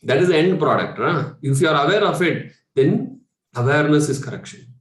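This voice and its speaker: A meditation coach with an Indian English accent speaks at a spiritual workshop in a chatty way, asking rhetorical questions and chuckling. Fairly high in pitch with lively intonation, he talks a little fast, recorded in an echoey space.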